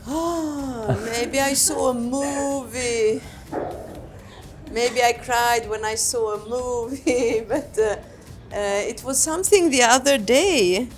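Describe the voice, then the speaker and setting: A woman ambassador, answering interview questions in a reflective, unhurried way and often repeating her words. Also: on the high side, soft background music. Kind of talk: candid conversational interview answers.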